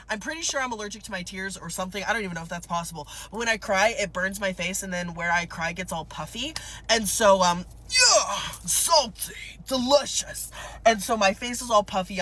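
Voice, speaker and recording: A vlogger telling a story to camera in an animated, expressive way, acting out scenes, laughing and swearing. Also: medium pitch, a little hiss or hum.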